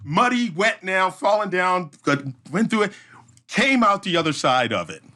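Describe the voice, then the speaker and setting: A man who works as an event emcee, guesting on a podcast and telling an animated story with frequent restarts and hummed sound effects. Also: high voice, normal speed.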